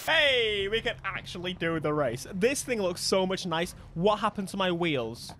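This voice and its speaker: A young man giving casual, excitable gameplay commentary and laughing often. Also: high-pitched, moderate pace, few pauses. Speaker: gaming video creator.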